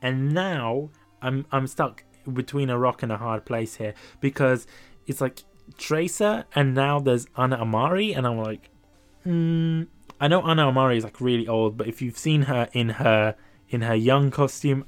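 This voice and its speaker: A young man hosting a casual podcast, talking in an animated, laughing way and often repeating himself. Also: medium pitch, normal speed, clean tone, soft background music. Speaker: podcast host. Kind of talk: casual gaming podcast chat.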